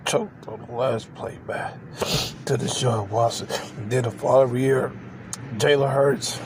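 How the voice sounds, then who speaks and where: Gravelly man ranting over vehicle noise. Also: medium pitch. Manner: emphatic and repetitive, keeps adding "man"; openly emotional, says he cries on camera. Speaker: channel host. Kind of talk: ranting football reaction vlog.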